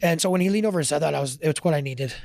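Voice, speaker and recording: A man's voice: fairly high pitch, very fast, gravelly, darkish tone, no echo, studio quality. A man telling his story in a casual interview, earnest and emotional, at times choking up. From Canada. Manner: earnest, emotional, gets choked up. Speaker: firefighter guest.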